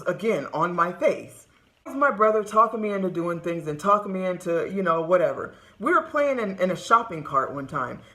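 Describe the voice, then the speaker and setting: A woman from California telling funny childhood stories straight to the camera, laughing often and acting out what people said. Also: medium pitch. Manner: laughs often, lively retelling with acted quotes. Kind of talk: casual storytelling to camera. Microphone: camera close-up.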